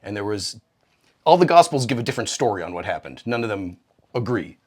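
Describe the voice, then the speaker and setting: A man co-hosting a comedy podcast, his pitch swinging widely as he spins irreverent, profane retellings. He keeps leaping into the voices of the people in his stories. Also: brisk. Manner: profane, animated, acts out quoted characters with big pitch jumps. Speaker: podcast co-host.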